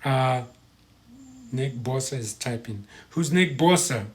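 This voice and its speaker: Speaking slowly and animatedly at a medium pitch, an American live stream host chats casually. He reads comments from viewers and stumbles over how to pronounce things.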